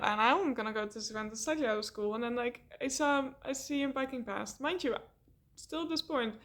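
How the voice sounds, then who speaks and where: A young woman telling a rambling, animated story in a casual vlog, laughing often and swearing. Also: on the high side.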